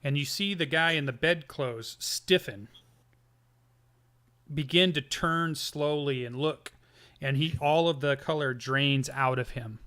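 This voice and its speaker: A man narrating a tabletop game as game master, halting often with ums and restarts. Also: on the high side, pushed and bright, clear, resonant tone.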